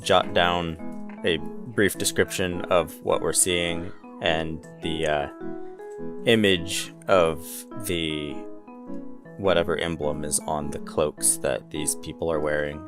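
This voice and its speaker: A man's voice: a bass voice, steady tone, slow. A man playing in a tabletop game, dry and matter-of-fact, with guitar music behind. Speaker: player.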